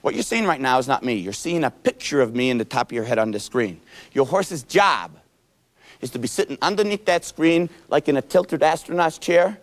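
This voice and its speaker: A man's voice: medium pitch, moderate pace. Man lecturing a self-help seminar, voice bouncing all over, folksy and playful. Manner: animated, folksy, playful storytelling. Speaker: seminar speaker.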